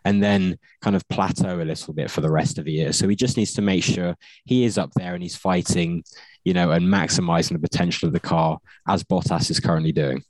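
A man giving a measured, slightly hesitant opinion on a casual podcast. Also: low-pitched, darkish tone, dry recording, rough recording. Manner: measured, hesitant, many fillers. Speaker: podcast panelist. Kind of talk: casual chat about motor racing.

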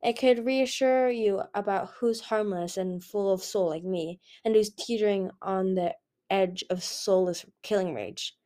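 Woman doing a smooth, confident young male dragon, teasing and persuasive, audiobook character. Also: mid-range voice, measured pace, mellow, natural voice. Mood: charming.

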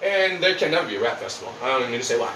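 Podcast host, male, high bright voice, blunt profane ranting, roomy distant sound. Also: big pitch swings, racing. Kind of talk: casual ranting chat. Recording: roomy, distant mic, faint noise.

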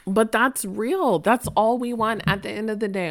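A woman's voice: medium pitch, expressive, a little slow. A woman in her thirties hosting a podcast, talking chattily and emotionally about family, laughing often. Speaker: podcast host. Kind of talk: casual podcast monologue.

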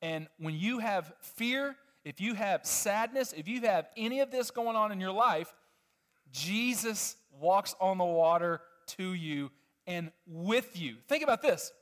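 A man preaching a sermon to a congregation with children, animated and emphatic, often asking the audience questions. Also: sits high, unhurried. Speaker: pastor.

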